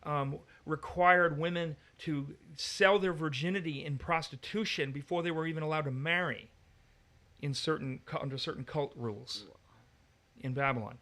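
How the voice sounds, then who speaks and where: A man's voice: a little high, moderate pace, sharp tone. A man leading a teaching discussion on the Bible, arguing his points emphatically. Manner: emphatic, argumentative.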